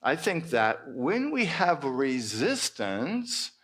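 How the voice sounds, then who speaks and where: A male minister preaching at a church service in an expressive way with playful exclamations. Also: mid-range voice, slow. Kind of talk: sermon.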